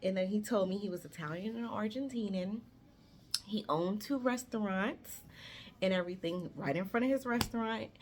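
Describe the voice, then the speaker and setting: A woman around thirty telling a story on her vlog in a chatty, animated way, swearing freely and talking straight to her viewers. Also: medium pitch, moderate pace, background noise.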